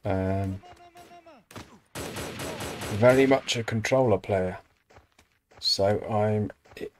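A man's voice: on the low side, extremely slow, darkish tone, slight background noise. An English man hosting a let's play, chatting casually over gameplay with self-deprecating asides.

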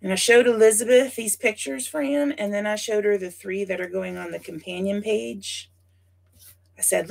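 A woman's voice: mid-range voice, moderate pace, vocal fry. A woman hosting a casual scrapbooking livestream, chatting with viewers by name and thinking aloud as she works. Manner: chatty, talks to viewers by name while working; thinks aloud with frequent asides. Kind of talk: casual livestream chat while crafting.

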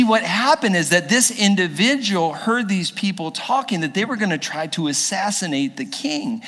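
A man's voice: high-pitched, pushed and bright. A male pastor giving a humorous, storytelling sermon in a church. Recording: echoey church hall.

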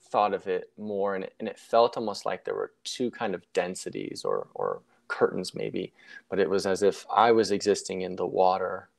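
A man's voice: low voice, vocal fry. A young man telling a personal story in a casual interview, reflective and rambling, often correcting himself mid-sentence. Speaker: guest sharing a near-death story.

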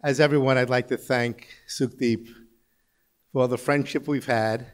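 A man in his sixties, a company CEO, gives a humorous after-dinner speech, telling dry, self-mocking stories at a banquet. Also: mid-range voice. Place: large banquet hall.

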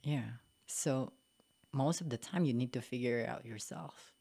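A woman's voice: rumbling low, a little slow, vocal fry, warm tone, slightly rough. A young woman from the Philippines with a Filipino accent, speaking candidly as a podcast guest and often saying "like, you know". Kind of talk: casual interview conversation.

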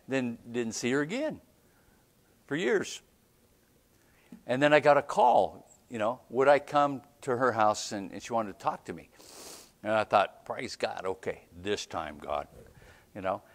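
A man preaching a storytelling sermon as a pastor, animated, often checking in with "right?" and laughing between lines. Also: medium pitch, measured pace, pauses often. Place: church.

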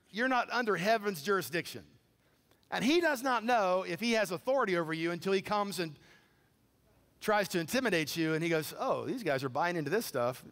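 A man preaching a sermon, telling a story with animated, incredulous quoted dialogue. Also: high-pitched. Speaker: pastor. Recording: long hall reverb.

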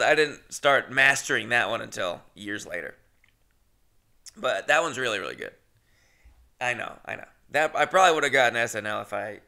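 Man, gravelly voice, bright tone, rambling self-deprecating storyteller, casual podcast chat. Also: mid-range voice. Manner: rambling, self-deprecating, swears, restarts often. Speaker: podcast host.

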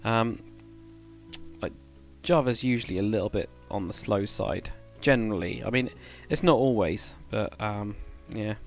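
Gravelly man streaming. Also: lowish voice, unhurried, soft background music. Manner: rambling, thinks aloud, reads chat. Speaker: game streamer. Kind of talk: casual livestream chat while building.

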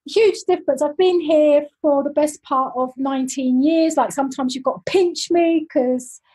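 A woman from London with a London accent and a high, bright-sounding pitch. She talks in a chatty, upbeat way and laughs easily, the relaxed manner of an interview guest in her forties. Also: moderate pace, poor audio. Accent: London English. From London, England. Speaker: guest, teacher educator. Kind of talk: casual interview chat.

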